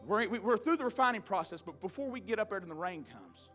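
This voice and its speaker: High, bright-voiced preacher. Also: male voice, expressive, quick pace, faint music behind. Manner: fervent storytelling preacher, swells to shouting. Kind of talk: sermon.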